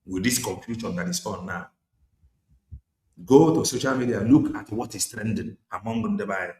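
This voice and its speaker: Fiery Nigerian preacher in an echoey room. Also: male voice, fairly low pitch, normal speed. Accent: Nigerian (Igbo). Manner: forceful, exhorting, mixing English and Igbo. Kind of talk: impassioned political sermon. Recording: echoey room with faint noise.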